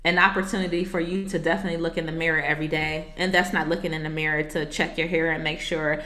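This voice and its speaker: Speaking fast and in a level tone, a woman who coaches marriages and writes books tells her story as a podcast interview guest. Her low voice has a bright, forceful edge, her manner is earnest and reflective, and she throws casual asides to the host, all in a noticeably echoey room.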